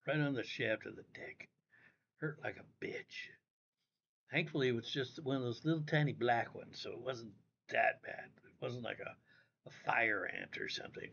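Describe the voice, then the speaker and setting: A man's voice: medium pitch, vocal fry, a bit bright, a little hiss or hum. A man hosting a casual livestream, rambling and cursing freely as he talks straight to his viewers from home. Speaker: livestream host. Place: indoors at home. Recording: dull lo-fi audio.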